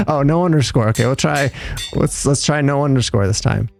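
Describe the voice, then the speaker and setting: A young man livestreams a game, chatting casually with his viewers in a rambling, joking, self-mocking way. His mid-range voice is brisk with some vocal fry, and soft music plays in the background.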